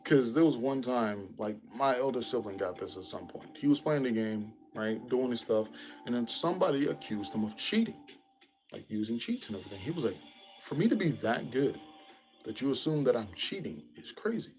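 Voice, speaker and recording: A man hosting a casual chat, relaxed and rambling, often breaking into laughter. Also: mid-range voice, moderate pace, soft background music, low-quality recording. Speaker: host.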